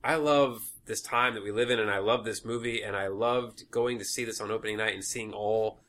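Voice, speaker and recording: A man co-hosts a casual podcast in easygoing, laid-back banter. His voice is bright and forward, and he riffs along amiably with his partner. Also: lowish voice, fairly even intonation, a little fast. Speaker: podcast co-host. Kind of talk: casual chat.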